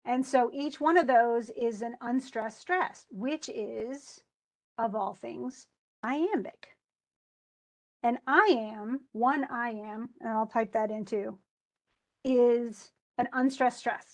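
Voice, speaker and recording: A woman's voice: on the high side, takes it slowly, a little mellow. A woman teacher giving a casual, chatty lecture, often restarting and correcting herself as she explains. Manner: chatty, self-correcting, enthusiastic.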